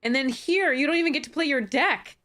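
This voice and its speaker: A woman commenting on her own card game, exasperated and swearing, with sudden high-pitched outbursts. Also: a little fast, bright, forceful tone. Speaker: streamer playing a card game. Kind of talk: frustrated gameplay commentary.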